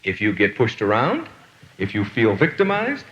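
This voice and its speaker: Animated man giving a motivational lecture. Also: fairly low pitch, normal speed, in a large hall, dull audio. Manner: storytelling with rhetorical questions. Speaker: motivational speaker. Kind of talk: lecture to an audience.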